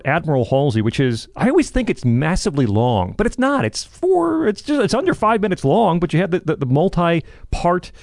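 A man's voice: on the high side, gravelly, no echo, clean studio sound. A man co-hosting a podcast, talking enthusiastically in a casual music discussion. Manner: enthusiastic, animated. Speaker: podcast co-host.

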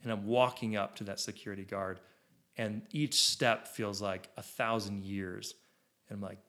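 A man in his thirties, a photographer, telling a personal story to an audience in an excitable, rambling way, full of restarts and "like". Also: fairly low pitch, moderate pace. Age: 30s.

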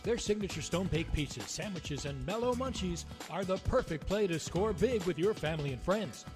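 A man reading a scripted commercial in a bright, high voice. Music plays clearly behind him. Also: expressive, normal speed. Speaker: ad announcer.

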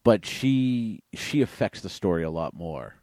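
Low mellow-voiced man musing. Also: big pitch swings, unhurried, no room sound. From Massachusetts. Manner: thoughtful, wondering aloud, dry humor. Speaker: podcast co-host. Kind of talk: casual movie podcast chat.

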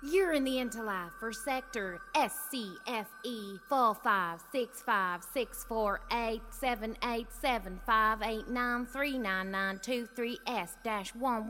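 A woman's voice: a little high, a bit bright. A woman voicing a breezy female afterlife official with a folksy twang and a playful, teasing manner. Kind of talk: audiobook character voice.

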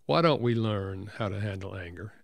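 An older man speaks as an interview guest, telling a personal story in an earnest, gentle way. His voice is lowish and gravelly, with a slight fry. The sound is close and dry, with no room around it. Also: animated, normal speed, no echo. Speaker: counselor and author guest.

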